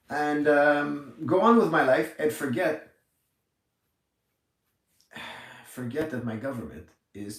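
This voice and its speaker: A man's voice: mid-range voice, distant mic. A man in his forties giving an indignant, emphatic livestream rant from a gym, repeating his points. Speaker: gym owner. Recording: echoey room, off mic.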